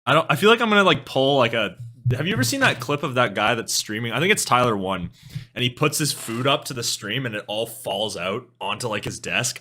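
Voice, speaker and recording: A young man from western Canada, a music streamer with a Canadian accent, rambles in casual chat with his live-stream viewers. His medium-pitched voice is bright and forceful, and he swears offhandedly and loses his train of thought.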